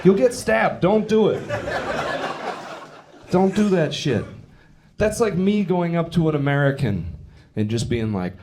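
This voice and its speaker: A brash young Englishman with an English accent works a live stand-up crowd, swearing and teasing the audience. His voice leaps and dips with wide, lively pitch. Loud laughter from the audience fills the gaps, caught through a handheld stage mic in a theater. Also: a little slow, very noisy. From England. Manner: brash, profane, mocking crowd banter. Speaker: stand-up comedian. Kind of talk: stand-up comedy set.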